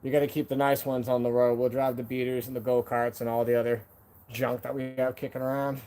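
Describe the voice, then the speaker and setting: A man's voice: mid-range voice, flat delivery, brisk, a little mellow. A man hosting a casual live stream from home. He talks to viewers in a laid-back, slangy way, calling them "man" and "dude".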